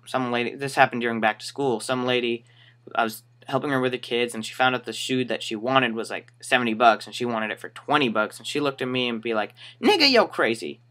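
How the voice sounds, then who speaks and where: A man's voice: mid-range voice, pushed and bright. A young man telling stories to camera in a casual, rambling way, wry and acting out the people he describes. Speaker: retail shoe store worker. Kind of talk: casual storytelling vlog.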